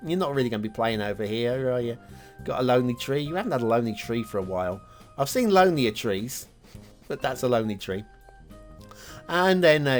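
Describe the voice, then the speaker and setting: A man hosts a map review show and talks casually over gameplay, his pitch swinging up and down as he wanders from point to point. He is chatty, with frequent fillers and self-deprecating asides. Faint music sits in the background. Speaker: show host reviewing game maps.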